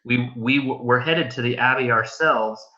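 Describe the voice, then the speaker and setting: A man's voice: mid-range voice, normal speed, bright, forceful tone, highs cut off. A man playing a tabletop game, talking hesitantly with stumbling restarts. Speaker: player. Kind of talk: casual tabletop role-play.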